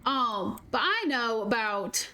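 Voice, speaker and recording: A woman streamer giving casual gameplay commentary, blurting excited exclamations and mild curses as she plays. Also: a little high, takes it slowly, low-quality recording. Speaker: gaming streamer. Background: game music.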